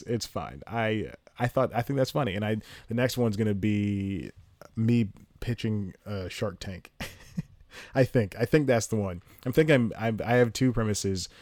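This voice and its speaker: A man hosting his own podcast alone, chatting casually and rambling through stories, laughing at himself and jumping into high-pitched impressions. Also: a little mellow, no echo, clean studio sound. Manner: rambling, self-mocking, laughs at own jokes; jumps into high-pitched impressions mid-story. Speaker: podcast host. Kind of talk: solo casual podcast chat. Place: home room with TV on. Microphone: home podcast mic, solo at laptop.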